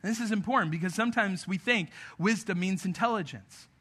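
A young male pastor gives a sermon in a relaxed, chatty style, turning often to the congregation with asides. His voice sits high for a man and sounds bright and forward. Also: fairly quick. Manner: conversational preaching with frequent asides.

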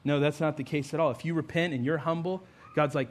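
A man's voice: a little high, fairly even intonation, fast talker, few pauses. A man, a pastor, preaching a sermon in a conversational storytelling way, with emphatic rising build-ups.

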